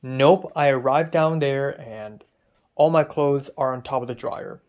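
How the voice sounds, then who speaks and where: Young dude venting on his vlog, annoyed, swearing a lot, ordinary mid pitch. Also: unhurried, a little mellow, lo-fi sound. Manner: frustrated ranting, swears often. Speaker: vlogger. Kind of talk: casual vlog monologue.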